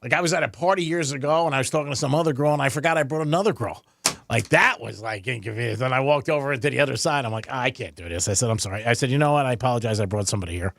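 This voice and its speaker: A man's voice: medium pitch, rapid-fire, gravelly, a bit bright. A middle-aged man on a radio show, telling rambling, self-mocking stories and laughing often. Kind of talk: casual radio banter.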